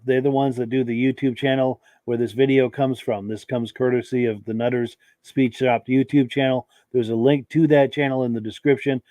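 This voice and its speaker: Easygoing podcast host reading comments. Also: male voice, mid-range voice, darkish tone, dry recording. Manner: easygoing, frequent filler words, thanks viewers. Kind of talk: live podcast chat, reading viewer comments.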